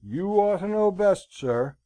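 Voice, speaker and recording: A man's voice: high-pitched, lively intonation, slow, warm tone, dry recording, voice pushed up. A man reading a curt, grim army colonel. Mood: stern. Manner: curt, grave, frank. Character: stern blunt middle-aged army colonel.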